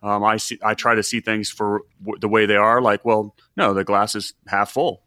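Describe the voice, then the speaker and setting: A man's voice: on the low side, steady tone, normal speed, bright, forceful tone, clear, resonant tone, dry recording, clean studio sound. A man in his forties, a financial advisor hosting a podcast, talking earnestly and reflectively with frequent restarts. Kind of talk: casual podcast chat.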